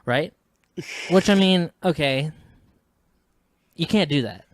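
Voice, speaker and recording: A man's voice: on the high side, lively intonation, slow pace, no room sound. A man co-hosting a podcast in casual chat, explaining things in a matter-of-fact way. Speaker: podcast co-host.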